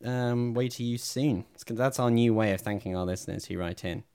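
A man's voice: mid-range voice, fairly quick, darkish tone, clear, resonant tone. A man co-hosting a podcast, chatting casually and wryly about films, laughing often. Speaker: podcast co-host. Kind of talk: casual film chat.

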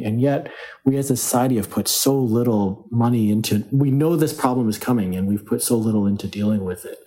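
A male reporter answering interview questions, searching for words with frequent fillers and restarts. His voice sits at an ordinary middle pitch. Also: brisk, a little mellow, rough recording. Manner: hesitant, heavy on fillers and restarts.

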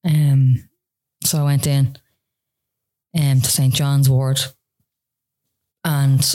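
A woman's voice: extremely low pitch, little pitch movement, extremely slow, pauses often, dark tone. A woman, a guest telling a hard personal story with lots of fillers and restarts. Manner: tearful retelling with many fillers, earnest. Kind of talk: personal story in a podcast interview.

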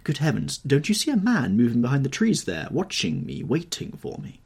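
Man voicing a nervous young gentleman, brooding, pleading, raised pitch, raspy, lively, audiobook. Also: fairly quick. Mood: haunted. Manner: anxious, pleading, melancholy.

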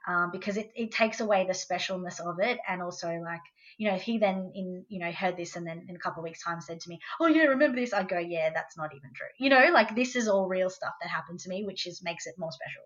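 A woman's voice: on the low side, fast, hardly any pauses, lo-fi sound. A woman with an Australian accent, a guest in an interview, telling a personal story in a casual, conversational way. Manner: conversational storytelling, quotes her son in a lively voice.

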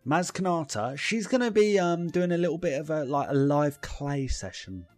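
A man's voice: a little high, lively intonation, normal speed, darkish tone, no echo, soft background music. A young man, co-hosting a casual comedy chat, riffing playfully with lots of fillers. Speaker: podcast co-host.

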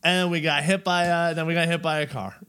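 A man co-hosting a casual comedy podcast, telling goofy stories in an excitable way. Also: a little high, a little fast, clear, resonant tone. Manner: goofy, excitable storyteller with big vocal swings. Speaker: podcast co-host.

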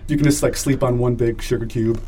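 Upbeat podcast host guy, medium pitch, steering a casual chat. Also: fairly even intonation, brisk, dark tone, husky.

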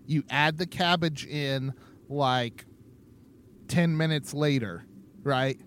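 A man's voice: fairly high pitch, takes it slowly, a bit bright, smooth. Jokey, laughing man in casual chat. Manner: jokey, laughs often, playful put-on voices. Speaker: podcast co-host.

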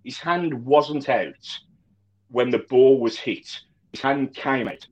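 Animated man chatting football, lo-fi sound. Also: medium pitch, slow pace. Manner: animated, many restarts and repeated words. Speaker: football podcast co-host. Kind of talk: casual fan chat.

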